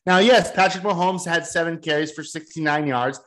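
Stat-quoting sports podcast co-host. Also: male voice, on the high side, brisk, fairly bright tone. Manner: builds a case by reading off stats. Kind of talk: casual sports chat.

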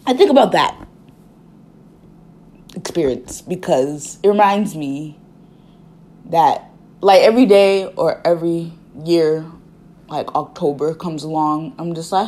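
A woman's voice: low voice, a little slow, long pauses, warm tone. A woman in her twenties telling a personal story in a casual, chatty way, full of fillers and asides. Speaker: vlogger.

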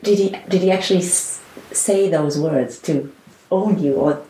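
Woman co-interviewer, warm low voice, probing follow-ups, roomy echo. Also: a little slow.

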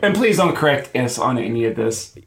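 A man co-hosts a podcast with quick, jokey remarks. His pitch moves a lot as he talks. A faint hiss sits under his voice. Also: very animated, a bit bright, reverberant. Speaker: podcast co-host. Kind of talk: casual chat.

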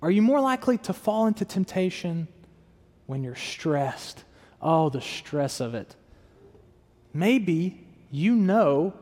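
Young male pastor, fairly high voice, casual preaching style, live church-hall reverb. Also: animated, moderate pace, darkish tone. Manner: conversational preaching, acts out quoted self-talk. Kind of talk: sermon.

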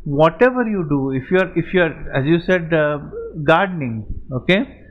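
A man speaks to a room of students, spinning stories with plenty of "uh" and "you know" and checking in with "okay?". His voice sits fairly high for a man. The recording is muffled and lo-fi. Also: moderate pace. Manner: animated storytelling, many fillers, rhetorical questions. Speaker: guest speaker. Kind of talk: lecture and Q&A with students.

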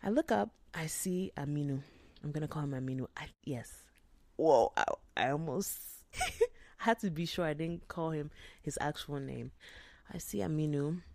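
A woman podcast host telling a story in a chatty, animated way, sometimes dropping into hushed asides. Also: low-pitched, moderate pace, creaky, no echo. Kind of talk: casual storytelling monologue.

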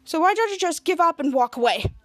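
A woman's voice: very high voice, expressive, quick pace, no room sound, studio quality. A woman voicing a frantic, panicky teenage boy superhero sidekick while retelling a kids' show. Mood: nervous. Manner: yelling, panicky.

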